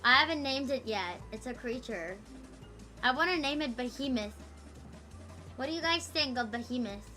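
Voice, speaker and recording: Give me a high, bright-voiced woman streamer. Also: animated, moderate pace, long pauses, faint music behind. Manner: rambling, profane and playful, teasing the chat. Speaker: livestreamer. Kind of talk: casual livestream chat with viewers.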